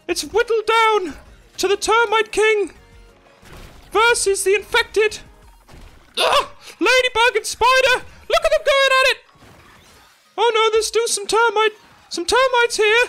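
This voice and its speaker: A woman putting on the voice of a loud, excitable female arena announcer, booming and drawing out her proclamations over game footage. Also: a little slow, long pauses, soft background music. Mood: hyped. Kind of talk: mock sports-announcer commentary.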